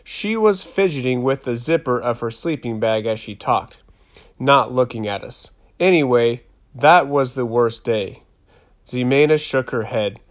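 A man narrating a first-person story in a calm, even reading. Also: medium pitch, a little slow. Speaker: audiobook narrator.

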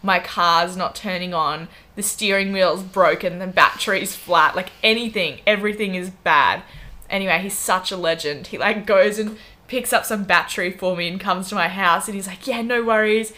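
A young Australian woman in her twenties, co-hosting a podcast and telling an animated story in casual chat, full of "like" and acted-out quotes. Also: medium pitch, normal speed. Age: 20s. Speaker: podcast co-host.

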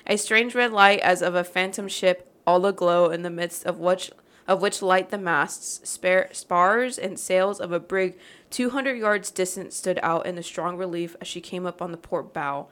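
A woman's voice: on the low side, normal speed, fairly bright tone. A woman hosting a podcast, reading a legend aloud in a casual, joking way, swearing and laughing as she goes. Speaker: podcast host. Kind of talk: casual storytelling chat.

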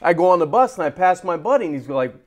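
A man co-hosting a sports talk show, telling a story in a lively way and acting out the voices of the people in it. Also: sits high, fast. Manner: animated, acts out quoted voices. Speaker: co-host. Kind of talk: casual storytelling.

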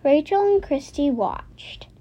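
A woman reads a children's chapter book aloud as the host of her own story channel. Her voice is high and her pace is slow and careful, with small stumbles as she reads along. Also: big pitch swings, dark tone. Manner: slow, careful, some slips.

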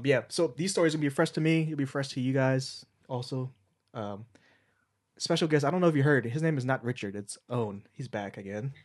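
A man hosting a casual podcast chat in a small closed room. He sounds nervous and a little out of breath, giggles often, and stumbles over his words. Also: medium pitch. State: slightly out of breath. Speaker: podcast host.

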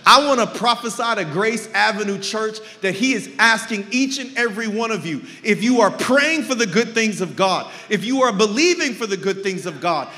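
A man preaching a sermon to his church, shouting points and breaking into joking asides. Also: very high-pitched. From California. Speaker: pastor. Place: large church sanctuary. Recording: reverberant church hall.

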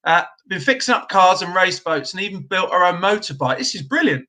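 A middle-aged man chats through viewer comments on a live stream. His voice is bright and a little high for a man. He talks bluntly and casually, with plenty of ums. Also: very animated, a little fast. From Britain. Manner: chatty, blunt, with frequent ums. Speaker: host of a trades live stream.

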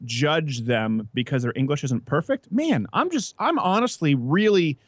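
A man hosting a casual political talk show, brash and mocking, talking fast. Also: a little high, sing-song, no room sound, studio quality. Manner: brash, quick, mocking, with put-on voices. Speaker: podcast host.

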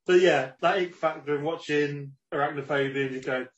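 A man's voice: fairly high pitch, brisk, dull audio. A man hosting a podcast in casual chat, wry and swearing casually as he steers the show. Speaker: podcast host.

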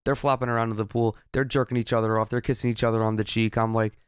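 This young male podcast host talks fast in a level, clean, mid-range voice, spinning a profane, rambling story with plenty of restarts. The casual monologue has clean studio audio and no echo.

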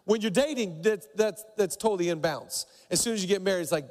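A man's voice: fast talker, darkish tone. A middle-aged man preaching a sermon as pastor, telling stories and acting out the people in them with big jumps in voice. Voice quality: acts out quoted voices with big pitch jumps. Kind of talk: sermon with animated storytelling. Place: church auditorium. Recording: long hall reverb.

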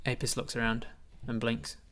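A man's voice: mid-range voice, monotone, moderate pace, bright, forceful tone. A man acting as game master, narrating a tabletop game with vivid description.

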